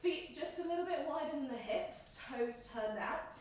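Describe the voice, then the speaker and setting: A woman leading a home yoga class, giving calm, encouraging cues in time with the breath, a little out of breath. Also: high-pitched, normal speed. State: slightly out of breath. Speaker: yoga instructor. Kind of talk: guided yoga class instruction. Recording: echoey room, mic at a distance.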